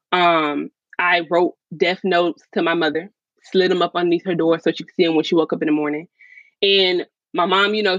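A woman's voice: on the low side, a bit bright, dry recording. A woman guest on a podcast interview, telling her own story frankly in casual talk full of fillers. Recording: slightly dull, dry sound.

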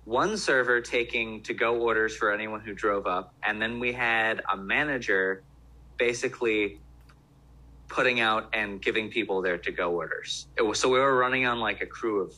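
A man's voice: on the low side, moderate pace, bright, forceful tone, poor audio. A man who worked in restaurants, talking in loose casual chat with many restarts. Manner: rambling, lots of fillers and restarts.

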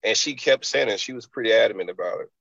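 Low gravelly man telling a story. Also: quick pace, a bit bright, dry recording, highs cut off. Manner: loose, rambling, many "you know" fillers. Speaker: health and fitness entrepreneur. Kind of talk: casual interview storytelling.

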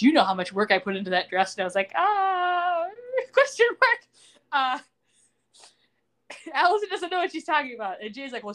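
A woman hosting a podcast, recapping a TV episode in casual chat and acting out the characters' lines. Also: medium pitch. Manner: animated storytelling, acts out quoted lines.

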